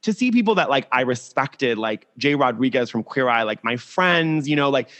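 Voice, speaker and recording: Animated young male guest, mid-range voice, candid and talkative over a video call. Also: medium pitch, normal speed. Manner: animated, candid, heavy use of "like". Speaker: podcast guest. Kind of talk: casual interview chat.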